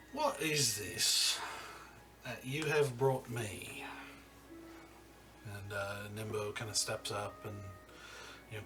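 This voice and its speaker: A man narrating as game master of a tabletop game, halting with many fillers and restarts. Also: on the low side. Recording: distant mic with music behind.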